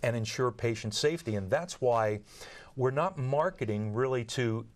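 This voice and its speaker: Speaking at a moderate pace in a mid-range voice with lively intonation, this guest expert on training nurses to communicate lays things out earnestly using examples. He frequently repeats words when restarting his sentences during the interview.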